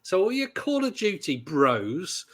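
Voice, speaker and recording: A man co-hosting a gaming podcast, chatting casually in a jokey, animated way with lots of restarts. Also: sits high, a little slow. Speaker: podcast co-host. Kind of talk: casual chat.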